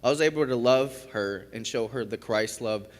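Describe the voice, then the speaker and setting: A man's voice: mid-range voice, normal speed. A young man from Kentucky giving a personal testimony at a church service, candid and conversational, full of fillers and restarts. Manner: candid, conversational storytelling with frequent fillers and self-interruptions. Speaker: recovery program graduate giving testimony. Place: church sanctuary. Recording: long reverb of a large church.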